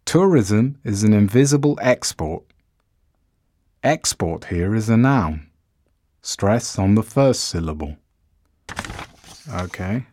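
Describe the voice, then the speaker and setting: A man with a lowish voice narrates a language course. He reads every word very slowly and carefully, and his pitch rises and falls a lot. The sound is dry and close, with no room echo. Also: animated, mellow. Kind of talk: slow, deliberate scripted pronunciation reading.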